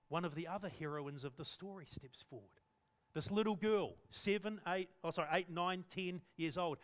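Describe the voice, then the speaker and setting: A man's voice: on the high side, fairly bright tone. A male pastor preaching in church, telling the story animatedly and acting out the scenes. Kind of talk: sermon.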